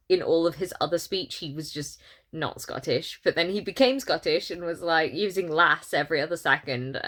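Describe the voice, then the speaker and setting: Tired young woman, book vlogger, lowish voice, dry sarcastic rants. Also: a bit bright. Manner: exasperated, sarcastic commentary with mocking quoted voices. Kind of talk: casual vlog book review.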